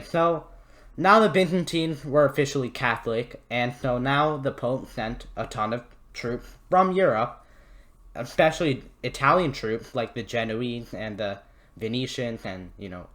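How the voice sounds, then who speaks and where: A man's voice: mid-range voice, a bit bright. Casual guy doing a history vid, swears a lot, rambly and jokey. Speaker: history channel host. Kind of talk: casual history video narration.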